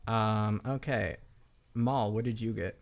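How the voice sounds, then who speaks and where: A man's voice: lowish voice, slow pace, creaky, background noise. Laid-back man narrating as game master.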